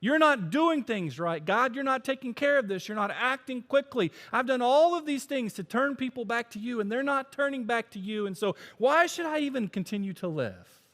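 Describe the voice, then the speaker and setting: A preacher voicing a self-pitying male prophet who complains in a high, whining tone. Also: lively intonation, normal speed, few pauses, fairly bright tone.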